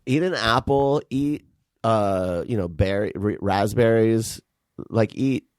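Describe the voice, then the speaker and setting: A man co-hosting a podcast, chatting in a relaxed, joking way. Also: lowish voice, slow, no echo, clean studio sound. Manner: relaxed, joking, loose swearing. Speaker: podcast co-host. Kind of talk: casual chat.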